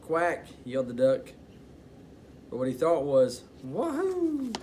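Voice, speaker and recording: A man reads a children's picture book aloud in an expressive bedtime-story manner. His voice sits at a middling pitch, neither high nor low. He speaks as a storytime host addressing young listeners. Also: a little slow, a little hiss or hum.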